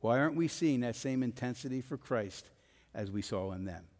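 A man's voice: medium pitch, lively intonation, normal speed, a little mellow. Pastor guy preaching to the congregation, punchy rise and fall, big church reverb. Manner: emphatic, rising and falling preaching cadence. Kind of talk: sermon. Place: church sanctuary. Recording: long hall reverb.

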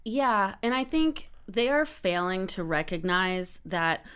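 A woman's voice: mid-range voice, expressive, takes it slowly, a bit bright, clear, resonant tone. A woman guest on a podcast in casual chat, laying out her reasoning step by step. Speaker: guest, social media influencer and musician.

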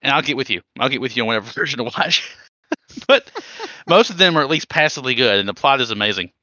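A man co-hosting a gaming podcast in casual chat, animated and rambling, laughing often. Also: medium pitch, quick pace, no room sound, highs cut off. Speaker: podcast co-host.

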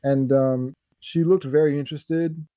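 A man with a mellow, relaxed voice chats casually, checking details and pausing on fillers. The sound is dry and close, with no room behind it. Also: on the high side, no echo. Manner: questioning, corrects details, hesitant with "uh" fillers. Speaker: podcast co-host. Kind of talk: casual chat.

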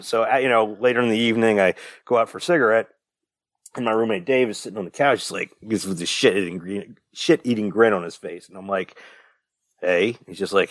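A man's voice: on the low side, brisk, no echo, studio quality. A young man, a podcast co-host, rambling through a casual story with lots of fillers and the odd swear. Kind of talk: casual chat.

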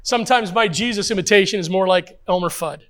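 A man's voice: sits high, a little fast, a bit bright. An older man, a pastor, preaching a sermon with emphatic rhetorical questions and repetition.

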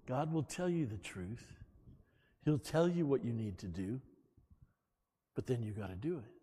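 A middle-aged man preaching a sermon as pastor, animated, calling "Amen?" out to his congregation. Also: medium pitch, moderate pace, slightly rough, long reverb tail. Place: church.

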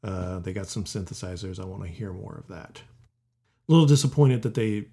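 A man from the United States co-hosting a casual chat show, relaxed and easygoing. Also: sits low, brisk, slightly rough. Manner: relaxed, easygoing, laughs along. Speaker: podcast co-host.

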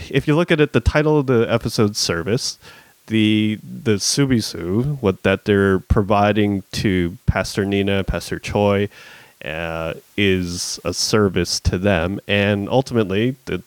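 A man's voice: fairly low pitch, unhurried, clear, resonant tone, no room sound. A man co-hosting a podcast, chatting casually about a TV episode, laughing often and quoting others. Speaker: podcast co-host. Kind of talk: casual chat recapping a TV episode.

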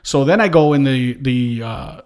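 A middle-aged man hosting a podcast from his home basement studio, telling a story with energy and acting out his own shouting. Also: mid-range voice, moderate pace, smooth. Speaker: podcast host. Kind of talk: casual chat.

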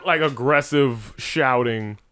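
A young man in casual podcast chat, loud and animated, swearing freely. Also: mid-range voice, takes it slowly, smooth.

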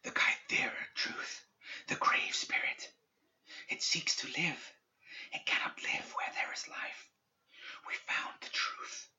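A man's voice: slow, sharp tone. A man voicing the faint, unvoiced whispers of dead students' spirits, in a whispered role-play from a storybook reading. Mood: urgent. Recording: dull lo-fi recording.

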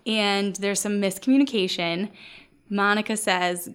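A woman's voice: medium pitch, moderate pace, a bit bright. Chatty woman podcast host. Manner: chatty, filler-heavy recapping. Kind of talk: casual chat.

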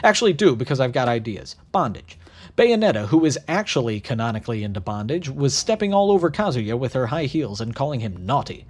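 A man in his thirties telling a crude comedic story in a deadpan voice, tossing in sarcastic asides. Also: medium pitch, a little fast. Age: 30s. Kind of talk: comedic narrated monologue.

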